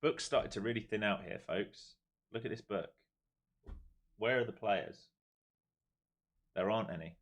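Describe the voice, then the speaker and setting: Low-voiced guy on a live trading stream, walks through chart levels then groans and cusses at the market. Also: a little slow, pauses often. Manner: swings from calm chart talk to exasperated outbursts at the market. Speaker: live-streaming day trader.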